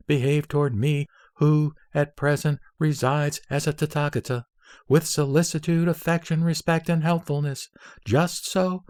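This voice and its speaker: A man reading an old Buddhist scripture aloud in a measured, solemn recitation, pacing out long lists phrase by phrase. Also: on the high side, a little mellow, dry recording, studio quality.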